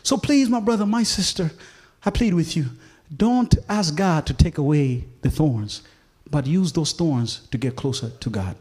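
A man's voice: fairly high pitch, expressive, a little slow, darkish tone, slightly rough. A male preacher giving a sermon, pleading with the congregation and often checking in with them. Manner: impassioned, pleading, often asks "you feel me?".

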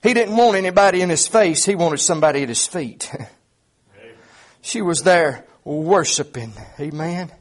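A middle-aged man, preaching a sermon with fervor, many "uh" fillers and shouted peaks. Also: on the high side, moderate pace.

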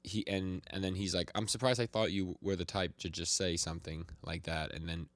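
Podcast co-host, man with a deep voice, casual recap style, quoting characters, dry sound. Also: steady tone, brisk, fairly bright tone, no room sound. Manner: retells scenes, quoting characters with light voice shifts, frequent laughs and restarts. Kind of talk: casual chat recapping manga chapters.

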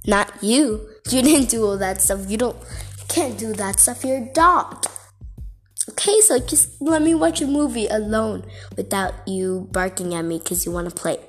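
A woman's voice: mid-range voice, a little slow, husky. Woman vlogger, casual exasperated rant with lots of "like" and "okay", faint music under the voice.

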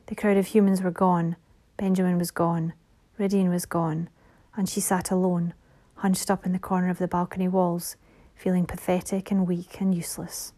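Woman reading a fantasy novel aloud, soft and measured, mellow darkish tone, sometimes whispery. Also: mid-range voice. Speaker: audiobook narrator. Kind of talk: scripted fantasy narration.

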